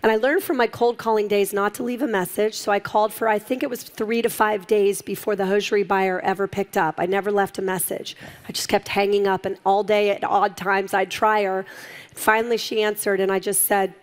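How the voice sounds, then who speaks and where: Animated woman telling her story. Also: medium pitch, fairly quick. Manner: animated, acts out quoted voices, laughs often. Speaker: guest, entrepreneur. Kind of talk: storytelling interview.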